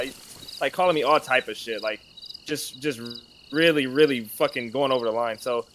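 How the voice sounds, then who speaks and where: A man with a bright, forceful voice tells a story over a team voice call while he plays, animated and swearing freely. His pitch sits in the ordinary middle range for a man, with a faint hiss of noise behind him. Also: fairly quick. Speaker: gamer recording his play.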